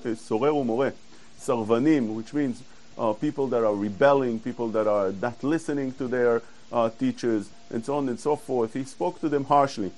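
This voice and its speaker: A man giving a Torah class, explaining verses earnestly and quoting Hebrew quickly. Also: medium pitch, a little mellow, low-quality recording. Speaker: Torah teacher.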